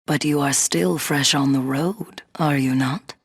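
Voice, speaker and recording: An actress voicing a proud veteran woman summoner who speaks as a calm, stately mentor in a game. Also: low-pitched, slightly rough, heavily acted. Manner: stately, measured. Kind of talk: game voice acting.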